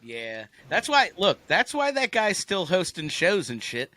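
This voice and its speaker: A man co-hosting a podcast, cracking crude jokes and plugging the show in a casual, animated way. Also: high voice, a little slow. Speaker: podcast co-host. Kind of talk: casual chat.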